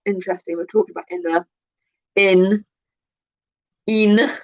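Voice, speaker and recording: A woman's voice: mid-range voice, fairly even intonation, measured pace, highs cut off. A woman reading a colour card list aloud as a channel host, drifting into musing, self-interrupting asides.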